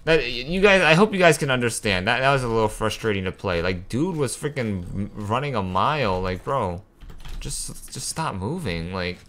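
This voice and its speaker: A young man giving casual, excitable commentary over a video game, venting his frustration and swearing. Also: mid-range voice, normal speed, a little hiss or hum. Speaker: gaming channel host.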